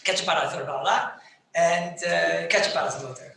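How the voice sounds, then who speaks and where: A high-pitched, very sharp and bright male voice, a rabbi teaching a halachic class over a video call. He gets excitable, repeats himself and laughs as he explains, and he mixes in Hebrew and Yiddish terms. The sound is roomy and set back from the mic. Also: fast talker, gravelly. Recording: echoey, distant, faintly noisy video call.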